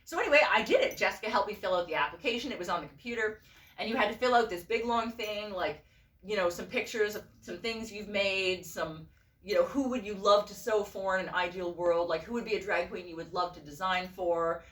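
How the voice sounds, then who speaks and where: A woman's voice: medium pitch, a little fast. A woman telling a story in a casual vlog, swearing freely and acting out the voices of the people she quotes. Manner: animated, profane, acts out quoted voices. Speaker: vlogger and costume designer. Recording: roomy and a bit distant from the mic.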